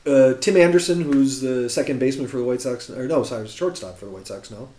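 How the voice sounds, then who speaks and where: A man's voice: medium pitch, fast talker. Guy telling fun sports stories, laughs a lot, roomy echo. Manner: animated, laughing anecdotes with many restarts. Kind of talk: casual baseball chat.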